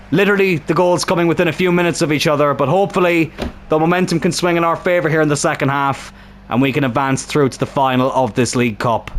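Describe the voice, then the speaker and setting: With a fairly high voice and a strained throat, a young man provides excitable commentary on the football video game match he's playing, cursing at the screen.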